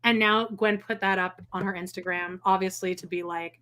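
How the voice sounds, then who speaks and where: A woman's voice: mid-range voice, steady tone, moderate pace, a bit bright. A woman co-hosting a live stream, chatting casually and snarkily about a reality show, quoting people and laughing often. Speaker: podcast co-host. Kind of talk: casual snarky TV recap chat. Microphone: home podcast mic, live stream.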